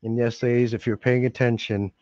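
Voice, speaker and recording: A man's voice: medium pitch, little pitch movement, brisk, a little mellow, no echo. A man hosting a casual late-night livestream from home, rambling, joking and laughing often. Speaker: livestream host. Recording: dull dry home mic.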